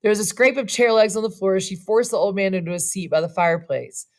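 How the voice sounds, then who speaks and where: A woman's voice: medium pitch, fast. Woman reading a western story aloud. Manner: casual, laughing asides. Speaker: reader and narrator.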